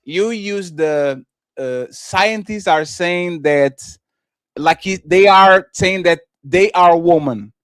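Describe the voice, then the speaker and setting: High-voiced man with dry sound. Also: fairly bright tone, clear, resonant tone, no room sound. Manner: talks fast in broken restarts, swears casually. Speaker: co-host. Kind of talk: casual livestream chat.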